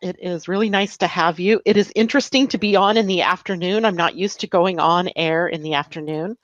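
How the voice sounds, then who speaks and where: A woman's voice: lowish voice, fairly quick, no echo, highs cut off. A woman hosting a live chat show, upbeat and chatty, from the US West Coast. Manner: chatty, upbeat, laughs easily. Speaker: host. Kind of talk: casual live-stream chat.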